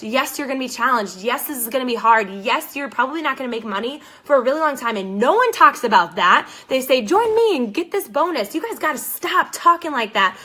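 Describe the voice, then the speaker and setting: Young woman coach, blunt and sarcastic, fired up, voice a bit on the high side. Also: fairly bright tone. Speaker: direct selling coach. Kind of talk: motivational talk.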